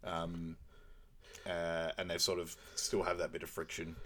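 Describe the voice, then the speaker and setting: A man with a fairly low voice chats casually as he recaps a film for a podcast. He talks loosely with fillers and breaks into animated, raised voices when he quotes the characters. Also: a little slow, a little hiss or hum. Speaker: podcast co-host.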